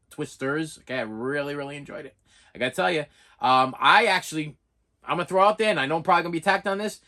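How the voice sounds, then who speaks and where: A man's voice: on the high side, pushed and bright. A man in his forties telling a self-mocking story in a casual vlog, stammering and often saying "listen". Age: 40s. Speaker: vlogger.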